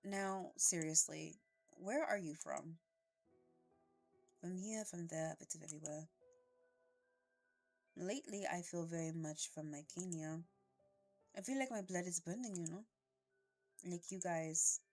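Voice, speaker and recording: A woman voicing a calm male smoker in a dating game, putting on a French accent and speaking quietly and unhurriedly. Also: fairly low pitch, a little slow, long pauses, faint music behind. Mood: gentle. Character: soft-spoken man, calm cigarette smoker.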